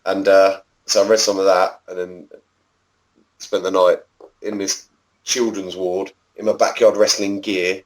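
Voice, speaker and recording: Chatty guy in his thirties, lowish voice, swears a lot and tells long stories. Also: flat delivery, unhurried, rough recording. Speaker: podcast guest, former backyard wrestler. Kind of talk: casual storytelling interview.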